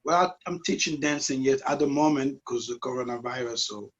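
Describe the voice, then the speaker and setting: A man in his forties with a Guadeloupean French accent answers questions as a guest on a video call. He talks hesitantly and searches for his words, at a middle pitch, and the sound comes through dull and muffled. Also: a little fast. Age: 40s.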